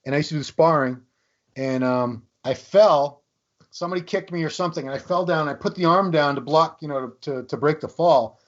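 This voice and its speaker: Wry guy from new england on a podcast, bit higher voice, muffled-ish sound. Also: a little fast. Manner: self-deprecating, wry storyteller. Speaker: podcast guest. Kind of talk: casual chat.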